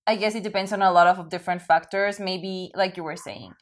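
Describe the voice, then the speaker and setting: Woman, lower pitch, casual podcast host, hesitant and reflective. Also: fairly even intonation, a little fast. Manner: hesitant, thinks aloud with many fillers.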